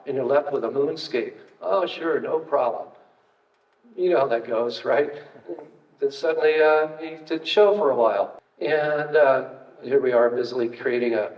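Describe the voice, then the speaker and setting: An older man gives a relaxed, anecdotal lecture, chatting through his slides with fillers and dry asides. He sits at a distance from the mic in a large, reverberant room. The recording sounds dull and muffled. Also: mid-range voice. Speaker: retired state parks archaeologist giving a talk. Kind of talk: casual public lecture with slides.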